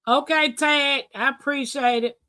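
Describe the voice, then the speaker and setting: A woman hosting a live-stream talk show, chatting casually, reading comments aloud and telling stories with animated bursts and laughter. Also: high voice, measured pace, dry recording. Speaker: livestream host.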